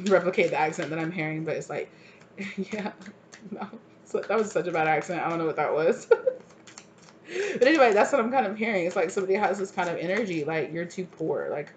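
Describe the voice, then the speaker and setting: Low-voiced woman thinking aloud over cards. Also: muffled recording, a little hiss or hum. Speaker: tarot reader. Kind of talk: casual tarot card reading.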